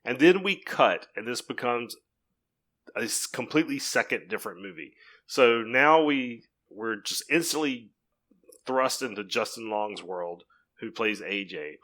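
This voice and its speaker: A man co-hosting a podcast, recapping a film plot in a relaxed, hesitant way full of ums and uhs. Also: mid-range voice, a little slow. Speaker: podcast co-host. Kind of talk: casual movie discussion.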